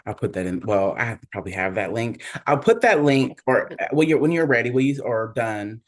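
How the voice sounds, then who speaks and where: A man hosting an online event with a voice of middling pitch. He speaks hesitantly, restarting his sentences often as he checks with his guest. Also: big pitch swings, a little fast.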